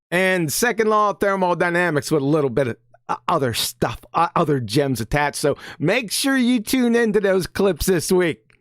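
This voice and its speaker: Male co-host, fairly high and very animated delivery, dry close mic, laughs often, plugs the clips. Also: no echo. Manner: lively, laughing, promo plugs. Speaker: show host. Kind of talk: casual online call-in chat.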